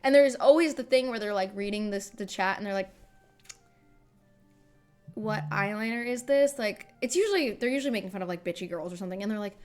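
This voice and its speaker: A woman's voice: medium pitch, expressive, very fast, few pauses, darkish tone, faint music behind. A woman hosting a livestream, chatting casually and reading comments, rambling and self-mocking with lots of fillers. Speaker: livestream host.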